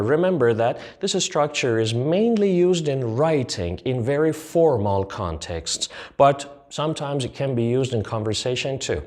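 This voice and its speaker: Man teaching a grammar lesson, slow and deliberate. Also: mid-range voice, darkish tone. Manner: slow, deliberate explanations with spoken example sentences. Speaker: English teacher.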